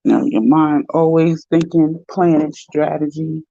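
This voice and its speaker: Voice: mid-range voice, a little slow, creaky, mellow. A host chatting casually with livestream viewers, talking to the viewers and to pets along the way. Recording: dull lo-fi sound.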